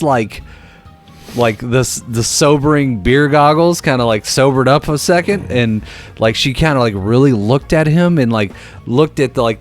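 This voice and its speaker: A young man, a podcast co-host, telling a casual story full of fillers. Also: mid-range voice. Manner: animated storyteller, many fillers, acts out voices. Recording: faint guitar music behind.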